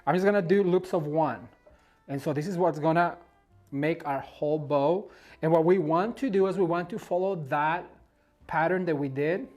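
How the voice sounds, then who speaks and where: A man's voice: a little high, moderate pace, a little mellow, soft background music. A man hosting a casual at-home decorating demonstration, effusive and encouraging as he works. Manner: effusive, encouraging, gushes over the materials. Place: at home beside a Christmas tree.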